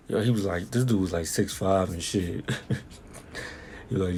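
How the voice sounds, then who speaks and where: A young man with a lowish voice talks through a film review in a loose, rambling way, piling on slang and restarting his sentences. Faint background noise hums under him. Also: fairly even intonation, normal speed, pauses often, a little mellow. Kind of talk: casual spoken review.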